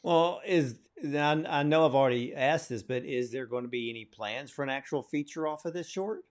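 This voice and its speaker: A man's voice: a little high, normal speed. A man hosting an interview, asking questions and praising the film with enthusiasm. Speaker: interview host.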